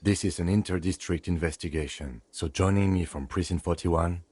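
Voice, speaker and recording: A formal police detective, low husky voice, dry sound, faint music. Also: male voice, moderate pace, a little mellow, dry recording. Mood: composed. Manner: formal, clipped, composed. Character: calm precise male police lieutenant.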